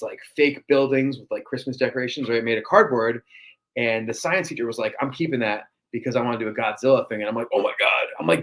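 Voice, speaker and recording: A man's voice: mid-range voice, low-quality recording. A man, a guest on a podcast, telling stories in a loose, chatty way with lots of filler words. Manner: chatty storyteller, many fillers. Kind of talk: casual podcast conversation.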